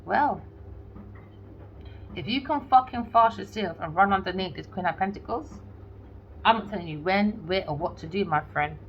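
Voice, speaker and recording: A woman's voice: medium pitch, lively intonation, normal speed, pauses often. A woman giving a casual tarot reading, blunt and sarcastic, swearing freely and acting out lines of imagined dialogue. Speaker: tarot reader. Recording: slightly dull lo-fi audio with faint background noise.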